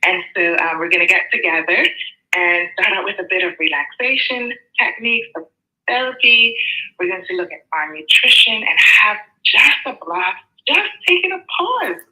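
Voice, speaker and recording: A woman from Bermuda, a reset coach and nurse, speaking calmly and encouragingly as a guest in a live audio chat room. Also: medium pitch, poor audio.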